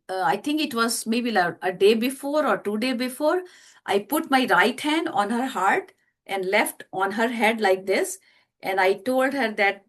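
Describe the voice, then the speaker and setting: A middle-aged woman, an interview guest, telling a personal story in a halting way with many fillers and restarts. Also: medium pitch.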